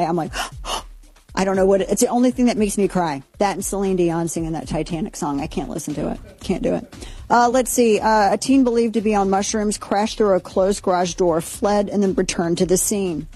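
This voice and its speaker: A woman's voice: medium pitch, mellow. A woman hosting a radio talk show, chatting casually through news items with fillers and asides. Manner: chatty, rambling, lots of fillers. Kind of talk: casual news chat and read ad.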